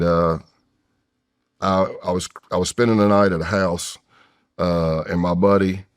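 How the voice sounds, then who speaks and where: A man in his fifties from the United States, a podcast guest telling a long personal story in a candid, rambling way with frequent restarts. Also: deep voice. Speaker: podcast guest, retired federal agent. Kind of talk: casual storytelling in a long-form interview.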